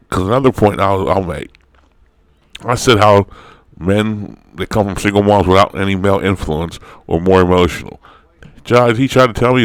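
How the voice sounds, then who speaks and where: A man's voice: fairly low pitch, dry recording. Blunt, profane man hosting a commentary vlog. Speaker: host of an online commentary show. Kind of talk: opinion vlog monologue.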